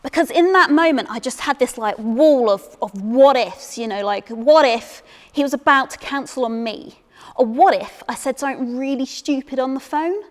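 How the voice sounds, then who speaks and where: A woman's voice: high-pitched, big-room sound. Chatty woman telling a stage story. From England. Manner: chatty, self-deprecating, halting with repeated words. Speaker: solo performer. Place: theatre stage.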